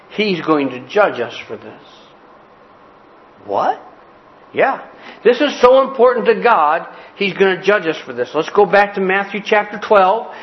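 A man's voice: high-pitched, muffled recording. A man preaching a sermon in a folksy, joking way, repeating his key phrases. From Cleveland, Ohio. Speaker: pastor.

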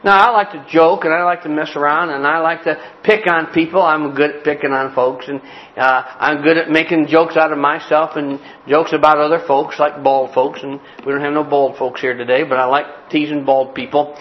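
A man with a high voice preaches a homespun sermon and mixes jokes with scripture. His phrases come back again and again. The recording sounds dull and lo-fi. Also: steady tone, normal speed. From Cleveland, Ohio. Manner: folksy, joking preacher with repeated phrases. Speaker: pastor.

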